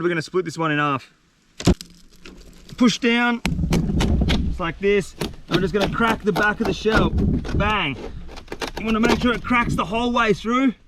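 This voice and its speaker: An Australian man vlogging outdoors on a windy coast, talking in an energetic, slangy, enthusiastic way. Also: high-pitched. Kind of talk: casual vlog narration.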